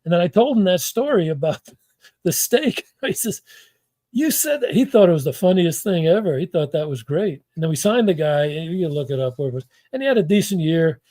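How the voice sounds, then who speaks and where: A man's voice: a little high, lively intonation, brisk, dark tone, no echo. An older man, a former football front-office executive, telling rambling stories as an interview guest, with lots of restarts and acted-out quotes. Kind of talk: anecdotal interview storytelling.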